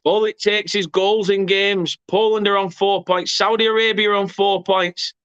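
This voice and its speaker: An English man hosting a live football watchalong, calling the action in an excitable way and correcting himself as he goes. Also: high voice, moderate pace, clean tone, no echo, highs cut off. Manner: excitable, self-correcting, erupts at goals. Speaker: watchalong host. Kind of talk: live match commentary.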